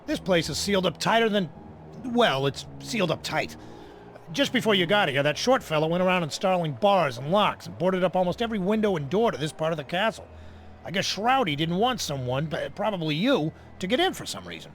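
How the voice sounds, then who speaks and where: A man's voice: sits high, sing-song, fairly quick, a bit bright, slight background noise. An actor playing a crude, laid-back male carrion bird in game dialogue, easygoing and jokey. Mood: offhand.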